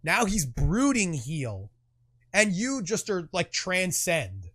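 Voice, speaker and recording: Profanity-laced and theatrical, a man on a podcast riffs with a high, bright-leaning voice that leaps up and down in pitch. He slips into mock trash talk as he argues his point. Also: slow pace, breathy edge. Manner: animated, profane, acts out quoted trash talk. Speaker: podcast co-host. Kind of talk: casual chat.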